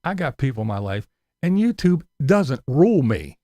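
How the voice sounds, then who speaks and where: A man's voice: sing-song, moderate pace, mellow, dry recording. A man ranting angrily to his viewers, swearing a lot and mocking his critics. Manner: profane ranting with mocking high-pitched impressions. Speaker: YouTuber. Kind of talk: angry ranting vlog.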